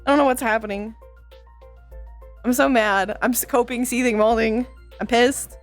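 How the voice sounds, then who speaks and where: Casting: fed-up woman streamer, higher voice, cursing and stammering, soft music underneath. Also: normal speed. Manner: frustrated, swearing, stammering restarts. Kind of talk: casual venting to chat.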